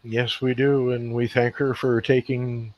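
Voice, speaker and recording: A man's voice: medium pitch, little pitch movement, unhurried, a little hiss or hum. A man from Scotia, co-hosting a podcast in casual, rambling, stop-start chat. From Nova Scotia, Canada. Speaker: podcast co-host. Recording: dull lo-fi, dry.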